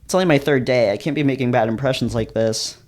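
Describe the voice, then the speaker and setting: Brief: man reading as anxious young guy, self-berating, quiet and low. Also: fast, lightly acted. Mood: upset.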